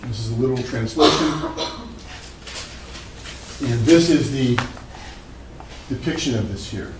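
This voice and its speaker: A man's voice: medium pitch, measured pace, noisy background. A man giving a classroom lecture as a psychology professor, loose and conversational, with many fillers and asides.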